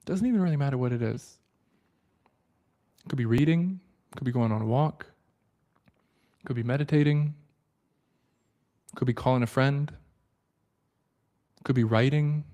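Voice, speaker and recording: A man hosting a book study livestream, with a mellow, warm tone. He talks earnestly and reflectively and often sinks into a hushed, quiet delivery. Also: normal speed, long pauses. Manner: earnest and reflective, often drops to a soft low voice.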